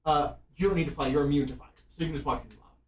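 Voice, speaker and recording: Fast-talking young man running a game. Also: on the high side, steady tone. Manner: quick, laughing, loose narration with fillers. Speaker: dungeon master. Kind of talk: running a tabletop game over voice chat. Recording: echoey distant mic with faint noise.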